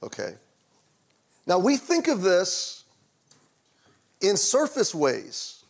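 A middle-aged male pastor telling a personal story in a conversational sermon, going quiet and low in tender moments. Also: huge pitch swings, extremely slow, creaky.

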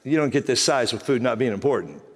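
A man's voice: medium pitch, fast. A middle-aged man from Texas, preaching a humorous sermon and telling stories with teasing energy. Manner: animated, teasing storyteller acting out quoted voices. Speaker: pastor. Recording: reverberant hall.

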